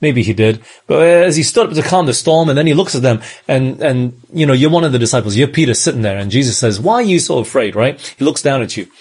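An Australian-raised man preaches a sermon in a very husky, rough voice at ordinary male pitch, sounding a little mellow. He's conversational and expressive, talks fast with few pauses, and keeps turning to his listeners with questions.

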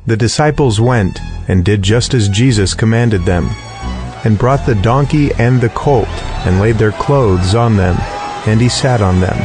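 A man narrating scripture in a steady, clear, formal way. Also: on the low side, a little slow. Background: music underneath.

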